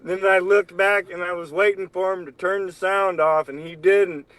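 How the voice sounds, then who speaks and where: A man's voice: sits high, steady tone, normal speed, a bit bright, no echo, poor audio. A man who worked on a festival telling stories in a rambling, profane casual chat. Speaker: festival crew member.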